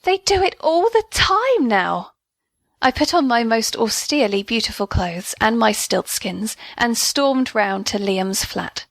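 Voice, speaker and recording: A woman narrating a first-person audio story as a comic diary, in an indignant, lively storytelling manner. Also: a little high, measured pace, creaky, dry recording.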